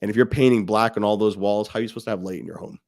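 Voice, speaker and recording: A man's voice: lowish voice, steady tone, very fast, a little mellow. A man co-hosting a fatherhood podcast, talking with passion and emphasis and swearing freely. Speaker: podcast co-host. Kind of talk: casual podcast discussion.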